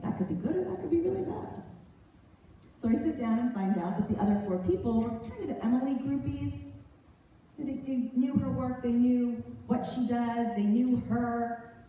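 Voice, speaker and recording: A woman speaker telling a personal story to a large audience, animated and acting out the people she quotes. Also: fairly high pitch, highs cut off. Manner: animated, acts out quoted voices. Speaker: motivational speaker. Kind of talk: storytelling keynote talk. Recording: echoey hall from far off, faint noise.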